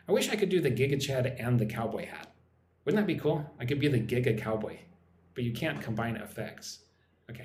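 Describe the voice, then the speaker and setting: Playful, chatty man in a roomy echo. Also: medium pitch. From Texas. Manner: playful, chatty, amused exclamations. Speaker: English teacher streaming live. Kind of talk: casual live stream chat. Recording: roomy echo, faint background noise.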